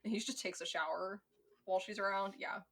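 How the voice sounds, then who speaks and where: A woman's voice: mid-range voice, fairly even intonation, brisk, fairly bright tone, slightly rough. A woman co-hosting a film podcast, chatting casually and swearing freely, with lots of "like" and frequent laughter. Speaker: podcast co-host. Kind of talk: casual chat reviewing a film.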